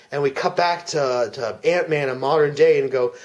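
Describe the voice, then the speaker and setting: A man giving a deadpan parody commentary track, telling an absurd plot earnestly, with frequent restarts. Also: fairly high pitch, moderate pace. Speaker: comedic fake commentary speaker.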